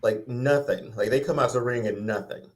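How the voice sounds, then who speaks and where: A man's voice: mid-range voice, moderate pace, noisy background. A man chatting casually on a podcast, easygoing. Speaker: podcast co-host. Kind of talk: casual chat.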